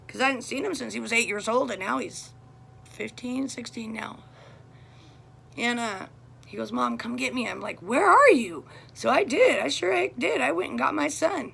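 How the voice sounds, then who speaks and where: A woman's voice: on the high side, gravelly, fairly bright tone, slightly rough. A middle-aged woman talking straight to camera about her family, blunt and heated as she vents. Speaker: vlogger. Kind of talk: casual personal monologue.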